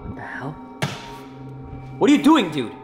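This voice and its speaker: A man's voice: high voice, huge pitch swings, moderate pace, over music. A young man hosting a vlog skit, talking in a panicky rush and saying bro and dude over and over. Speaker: vlog host. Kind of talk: frantic scripted prank skit. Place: home garage.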